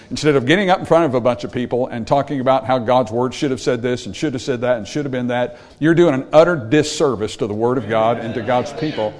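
A man's voice: medium pitch, darkish tone. Emphatic male preacher, mid-range voice, sermon delivery with questions to the room. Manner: emphatic, repeats words, asks the congregation questions. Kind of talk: sermon with slides.

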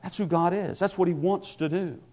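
A man's voice: high-pitched, steady tone, moderate pace, mellow. A man preaching a sermon, stumbling over repeated words and rising into emphatic proclamations. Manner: stammering restarts, builds to emphatic proclamations.

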